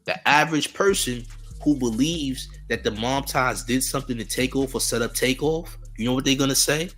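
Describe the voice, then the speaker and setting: A man's voice: medium pitch, moderate pace, fairly bright tone. Man, news commentary host, casual slangy talk, mocking riffs, repeats himself, faint background music.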